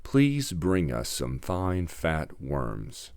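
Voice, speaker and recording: A man's voice: a bass voice, wildly swooping pitch, very slow, darkish tone, no echo, clean studio sound, exaggerated voice. A man voicing a group of little goslings in a storybook reading, wary and insistent.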